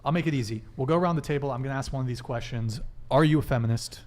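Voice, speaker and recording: Male host of a live dating talk stream, brisk and joking, reads super chats. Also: mid-range voice, a little mellow. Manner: brisk, reads donor messages aloud and jokes. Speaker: podcast host.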